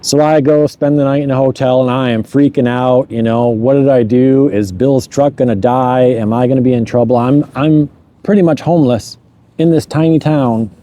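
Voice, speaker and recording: A man with a dark, mid-range voice casually tells a true story from his own life. He chuckles at his mishaps and stumbles over words as he rushes ahead.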